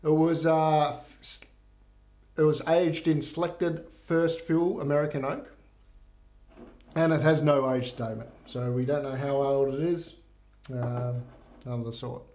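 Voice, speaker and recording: Male whisky reviewer, chatty and profane, slightly high voice. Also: fairly even intonation, unhurried, long pauses, darkish tone. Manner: rambling, loose, profane. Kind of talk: casual joke-telling and review.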